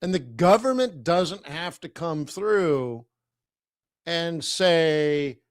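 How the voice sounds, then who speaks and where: Slow-talking rambling male stream host. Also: on the high side, animated, no room sound, clean studio sound. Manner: rambling, conversational, chuckles often. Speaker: forex trading livestream host. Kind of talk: casual livestream commentary.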